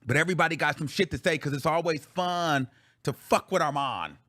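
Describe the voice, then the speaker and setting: A man's voice: fairly high pitch, brisk, bright, forceful tone, no room sound, studio quality. A man hosting his own show, ranting bluntly and profanely in heated commentary. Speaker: talk show host.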